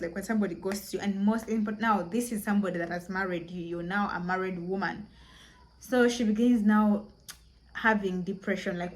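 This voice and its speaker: A young adult woman casually telling a story to her viewers, acting out the quoted lines with rising emphasis. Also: mid-range voice. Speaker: storytelling vlogger.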